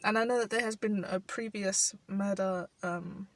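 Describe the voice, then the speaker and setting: In this low-quality recording, a young vlogger from South London speaks with a London accent in a thoughtful personal monologue, heavy on "like" and soft laughter, while rain falls outside. Her mid-range voice has fairly even intonation and a moderate pace, captured far from the mic without room sound.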